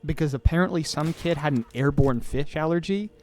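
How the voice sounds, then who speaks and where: A man in his twenties hosts a loose podcast, chatting while he plays a game. He rambles and jokes at his own expense with a slightly high-pitched voice. Faint background noise sits under his talk. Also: brisk, darkish tone. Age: 20s. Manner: rambling, sarcastic and self-deprecating. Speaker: podcast host. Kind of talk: casual rambling chat while gaming.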